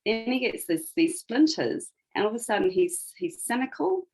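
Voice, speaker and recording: On a podcast, a female guest with a slightly high, a little mellow voice reflects on a fairy tale as she retells it, stressing key moments and connecting it to today. She speaks at normal speed with big pitch swings, and the recording is rough.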